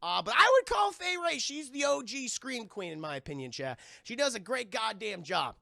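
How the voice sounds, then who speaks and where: A man recapping a film for his livestream chat in a casual, profane, animated way, talking straight to the chat and breaking into loud laughter. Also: moderate pace, creaky, dry recording. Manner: bursts into loud high laughter. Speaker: film reviewer streaming to chat.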